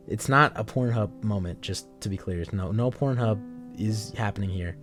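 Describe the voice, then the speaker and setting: A man's voice: fairly low pitch, normal speed, over loud music. A young man streaming a story game, chatting with his viewers in a casual, joking way and swearing freely. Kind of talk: casual live-stream chat while playing a story game.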